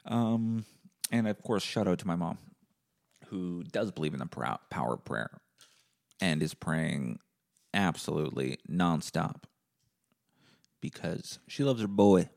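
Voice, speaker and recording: A man hosting a solo podcast and rambling in a deadpan comic way, with plenty of swearing. His voice sits fairly low with a rough, gravelly fry running through it. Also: measured pace, long pauses. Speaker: podcast host. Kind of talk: casual solo monologue.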